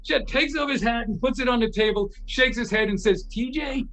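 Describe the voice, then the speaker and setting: A middle-aged man, a guitar repair technician, telling lively anecdotes as an interview guest, acting out the voices of the people he quotes and often restarting his sentences. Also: extremely high pitch, fairly quick. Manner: animated, acts out quoted voices, frequent restarts. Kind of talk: anecdotal storytelling in a conversation.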